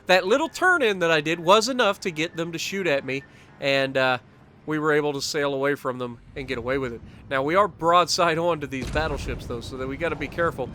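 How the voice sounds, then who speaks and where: Upbeat guy talking over his game footage, kinda high, bright voice, chuckles a lot, faint music under it. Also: a little fast, slight background noise. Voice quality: chuckles often, upbeat and talkative. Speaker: gaming commentator. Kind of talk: casual gameplay commentary.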